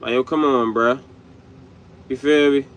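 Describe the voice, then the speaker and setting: A man's voice: medium pitch, fairly even intonation, unhurried, clean tone. A man hosting his own show, reacting to clips in loose slangy talk with many fillers. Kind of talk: casual commentary.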